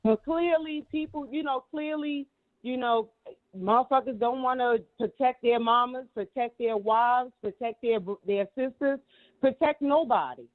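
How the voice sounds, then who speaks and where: A woman with a high-pitched voice delivers casual commentary, emphatic and heated, repeating her points and cursing freely. She comes through a thin, tinny phone line. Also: a little slow. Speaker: guest commentator.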